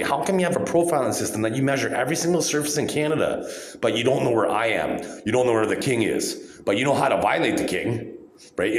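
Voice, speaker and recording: A man in his forties delivering an angry, accusatory rant straight to the camera, repeating himself as he goes. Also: mid-range voice. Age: 40s. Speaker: vlogger. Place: hospital room. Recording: echoey room.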